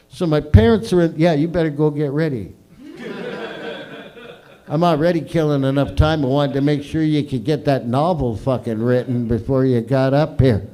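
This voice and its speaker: A man's voice: medium pitch, normal speed, warm tone. A middle-aged man hosting an open mic, telling crude, profanity-laden stories in a rambling stand-up style on a small comedy stage.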